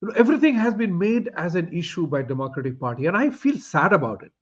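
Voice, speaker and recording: A man's voice: sits high, very animated, fast. A man hosting an interview, making emphatic points and asking rhetorical questions. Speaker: show host. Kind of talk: opinionated interview talk. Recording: dull lo-fi audio.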